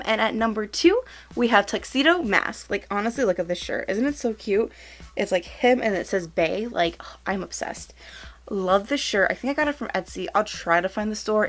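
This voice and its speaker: A young woman chats through a casual countdown vlog. She gushes and giggles, packing her sentences with filler words and excited exclamations. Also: mid-range voice. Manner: gushing, giggly, lots of "like" and "oh my God". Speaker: YouTuber.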